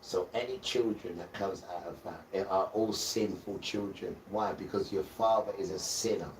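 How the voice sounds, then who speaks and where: A man's voice: deep voice, distant mic. A man giving a rambling, preachy religious talk on a live stream and calling his viewers guys. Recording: roomy sound from away from the mic, faint noise.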